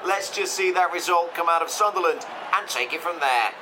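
A man's voice: on the high side, a little fast, noisy background, close to an everyday voice. An actor playing a pompous male football reporter who rambles with election puns. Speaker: pitch-side reporter.

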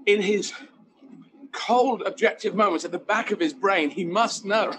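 A man, a comedian, talking in an animated, emphatic way with rambling asides during an interview, apparently while out running. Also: high-pitched, unhurried, background noise. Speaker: guest comedian. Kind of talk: conversational interview.

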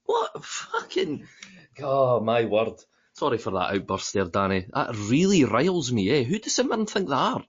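A Scottish man co-hosting a football podcast, talking in a casual, animated way with sudden swearing outbursts. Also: medium pitch, normal speed, husky. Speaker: podcast co-host. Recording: dull lo-fi podcast audio.

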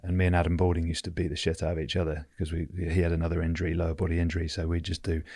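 A man's voice: deep voice, completely flat delivery, racing, dark tone, dry recording. A middle-aged English man with an English accent telling frank, sweary stories as a guest in a casual chat. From England. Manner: frank, swears freely, many restarts. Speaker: guest, former rugby player. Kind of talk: casual storytelling.

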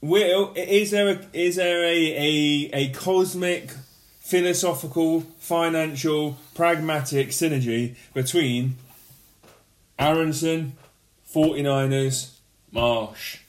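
A man's voice: fairly high pitch, fairly even intonation, takes it slowly. A man, co-hosting a casual football podcast, telling stories and acting out other people's lines. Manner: storytelling, acts out others in quoted voices. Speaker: podcast co-host. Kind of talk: casual chat. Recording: roomy echo.

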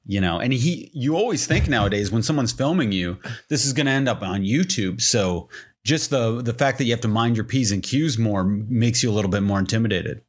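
A man in casual chat, telling stories with lively acted-out quotes. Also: on the low side, a little fast. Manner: animated storyteller who acts out quotes.

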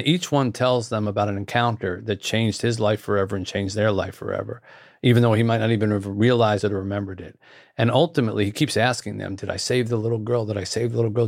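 A man with a low, gravelly voice tells a story earnestly as a guest. His speech is warm and intimate. The sound is dry and close, with no room echo. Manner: earnest, repeats phrases. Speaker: author, guest. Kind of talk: anecdotal storytelling.

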